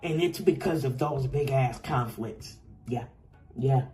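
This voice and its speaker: A woman's voice: rumbling low, a little slow, dark tone, soft background music. A woman giving an intuitive tarot reading, passionate and exclaiming, slipping into speech and now and then into song. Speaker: tarot reader.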